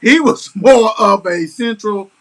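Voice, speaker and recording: A man with a bright, high-set voice hosting a casual talk show. He talks in a blunt, slangy, emphatic way and swears often. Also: slow pace. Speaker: host. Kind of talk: casual sports-talk chat.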